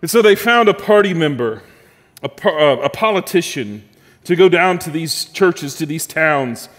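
A man preaching to his congregation with a fairly high voice that rises when he presses a point and falls quiet as he lands it. His voice rings out with the long reverb of a big church hall. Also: expressive, moderate pace. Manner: storytelling preacher, building emphasis then dropping soft. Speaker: pastor. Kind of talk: sermon.

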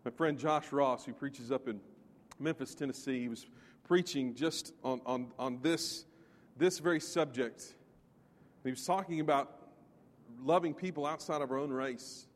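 A man's voice: mid-range voice, unhurried, big-room sound. A man preaching a sermon, emphatic and putting questions straight to the congregation. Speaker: pastor.

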